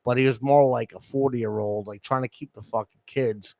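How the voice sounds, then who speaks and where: Profane, animated New man. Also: mid-range voice, normal speed, gravelly, no room sound. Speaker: podcast host. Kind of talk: crude casual storytelling chat.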